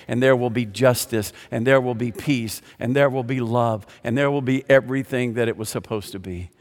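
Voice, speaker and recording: An older man preaching a sermon as pastor, impassioned and emphatic, posing rhetorical questions and answering them. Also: medium pitch. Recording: long reverb of a large hall.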